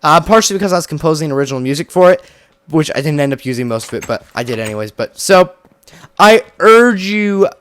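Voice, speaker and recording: A man's voice: fairly high pitch, lively intonation, fast talker, a bit bright, smooth. A man chatting casually while playing a building game, rambling and filling his talk with "like". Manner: rambling, chatty, heavy use of "like". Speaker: gaming video host. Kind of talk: casual gameplay commentary.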